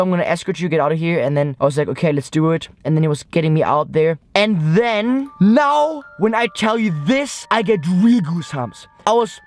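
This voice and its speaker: A young man vlogging from a car at night, rambling through an excited story full of "like" and "guys". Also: high voice, no room sound. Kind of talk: excited vlog recap to camera.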